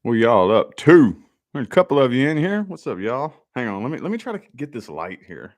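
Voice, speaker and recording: A laid-back man rambles to his live viewers from his home office. His pitch swings up and down a lot as he chats, with a casual drawl full of "y'all" and "man". The talk is loose and friendly, never scripted. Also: big pitch swings, brisk, a little mellow. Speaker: live-stream host.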